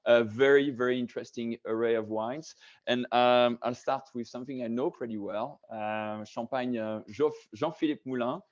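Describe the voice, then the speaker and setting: A man's voice: medium pitch, steady tone, normal speed. Hesitant man hosting a video-call wine tasting. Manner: hesitant, many fillers and restarts. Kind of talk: casual hosted tasting talk. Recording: dull lo-fi video call audio.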